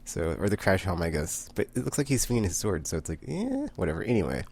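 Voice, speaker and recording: A man's voice: low voice, expressive, fast talker, creaky, darkish tone, slightly rough. A man casually recapping a comic book issue, rambling with many fillers and frequent laughter.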